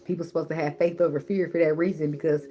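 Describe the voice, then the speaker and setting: A woman's voice: sits low, steady tone, fast talker, dark tone, soft background music. A woman giving tarot advice in a blunt, preachy way, swearing freely and repeating words for emphasis. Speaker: tarot reader. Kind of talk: casual spiritual advice monologue.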